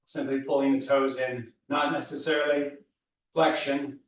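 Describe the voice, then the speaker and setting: A man's voice: medium pitch, normal speed, slight background noise. Out-of-breath man coaching a workout, echoey room. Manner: calm, steady coaching cues. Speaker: fitness instructor. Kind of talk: guided workout instruction. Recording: echoey room, voice from far off, dull sound.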